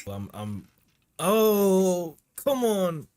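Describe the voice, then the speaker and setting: Excitable swearing anime reaction guy. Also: slow. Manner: excitable, swears a lot, yells and laughs at shocks; mutters low asides between outbursts. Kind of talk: live reaction commentary. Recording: faint music behind.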